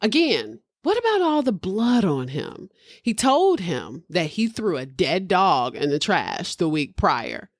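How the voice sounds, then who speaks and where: Female podcast host, casual crime storyteller, low and very animated pitch. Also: a little slow, dry recording, clean studio sound. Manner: animated retelling with slangy asides.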